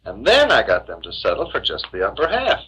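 A sleazy, manipulative photographer with a lively, bright and slightly husky voice. He wheedles and pushes with growing impatience, in 1960s film style. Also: on the low side, a little fast, exaggerated voice, poor audio. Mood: pushy.

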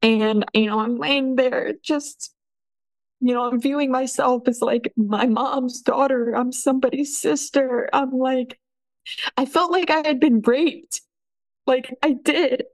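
A woman telling her own painful story as a podcast guest, halting often and restarting her sentences. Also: high voice, steady tone, low-quality recording. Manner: halting, with many restarts and fillers. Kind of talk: emotional personal account.

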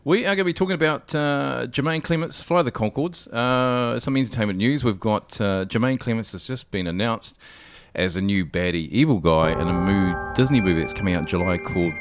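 A man's voice: lowish voice, brisk, hardly any pauses, faint music behind. A man co-hosting a radio show in a studio, teasing his partner in casual banter. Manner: teasing, jokey. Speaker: radio co-host.

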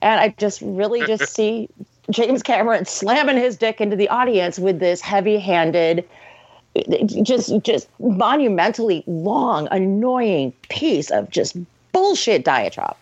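A woman's voice: medium pitch, animated, measured pace, breathy edge, no room sound. Woman co-host tearing into a film, sweary and scornful, lo-fi dry podcast audio. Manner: ranting, profane, mocks scenes in put-on voices. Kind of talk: casual podcast film review. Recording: dry, dull lo-fi sound.

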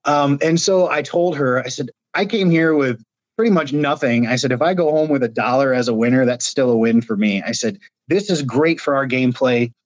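A man's voice: medium pitch, a little fast, no room sound, dull audio. A man from Ohio, a reality show contestant, telling stories in a casual interview over a video call while gesturing with his hands. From Ohio, United States.

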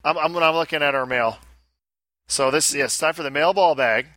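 Bright-voiced Australian man. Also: fairly high pitch, moderate pace, dry recording. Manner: chatty, reads listener mail aloud. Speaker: podcast co-host. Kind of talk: casual podcast chat.

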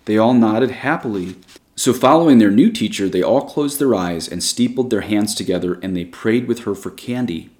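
A man with a fairly low voice reads a story aloud. His narration is measured and even, with a steady storytelling pace. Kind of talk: storybook reading.

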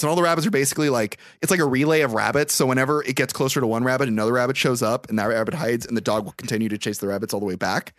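A podcast host recaps a film plot in casual, profanity-laced talk, full of animated asides. His voice sits at a middle pitch, and it is captured dry and close, with no room echo. He tells the story like an excited friend.

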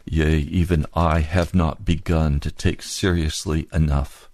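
A male preacher delivering an impassioned sermon full of rhetorical questions, climbing to high emphatic peaks. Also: level tone, measured pace, darkish tone, no room sound.

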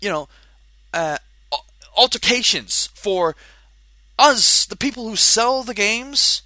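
A man's voice: high voice, animated, takes it slowly, sharp tone, no room sound. A Scottish man co-hosting a podcast, ranting in exasperation with lots of swearing and stumbling restarts. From Scotland. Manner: restless, stumbling, self-interrupting delivery. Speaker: podcast co-host and game shop worker. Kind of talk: casual podcast rant.

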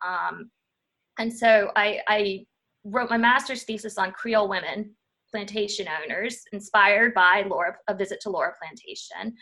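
A woman, a historian talking through her path in a relaxed interview, pausing and restarting as she thinks. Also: mid-range voice. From Louisiana. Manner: thoughtful, frequent restarts and fillers. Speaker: historian guest. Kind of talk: casual interview talk.

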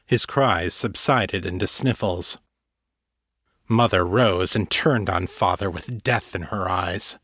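A man narrating a fantasy audiobook in a steady, measured way. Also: sits low, slightly rough, no echo, clean studio sound. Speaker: narrator and author.

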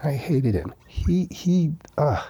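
A man guest in a casual interview, telling his recovery story with lively retellings, acting out quoted dialogue and repeating lines for emphasis. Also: fairly high pitch, slow pace, husky, dry recording.

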